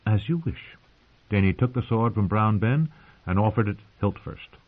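A man narrating an audiobook in a measured, calm reading, heard through narrow phone-like sound. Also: lowish voice.

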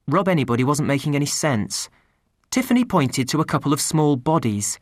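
A woman narrating a storybook in an expressive reading style, recorded close. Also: deep voice, fairly quick, no room sound. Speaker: audiobook narrator.

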